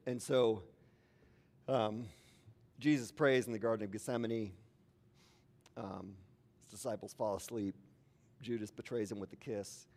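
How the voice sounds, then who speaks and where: A man's voice: fairly low pitch, darkish tone. A man preaching a sermon as a pastor, in an informal, conversational way with asides to the congregation.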